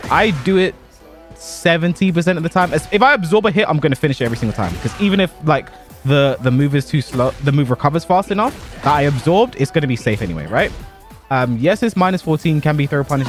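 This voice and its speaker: A young man chatting casually about a fighting game while he plays, animated and given to exaggeration, laughing at himself now and then. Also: a little high, fast talker, soft background music. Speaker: pro fighting game player and content creator. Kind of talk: casual commentary over gameplay.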